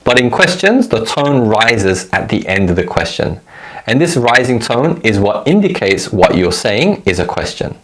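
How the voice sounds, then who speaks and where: A man teaches a recorded language lesson, giving clear, measured explanations and modeling example phrases for learners to repeat. His voice is lowish, sing-song, and a bit bright.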